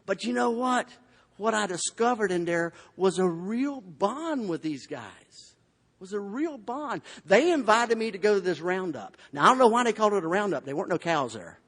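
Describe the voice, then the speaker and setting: This AA convention speaker, a Florida man with a Southern US accent, shares his recovery story from the podium of a big convention hall, where long reverb fills the recording. His high voice is very animated and fairly bright, moving at a moderate pace, and his telling is folksy and funny.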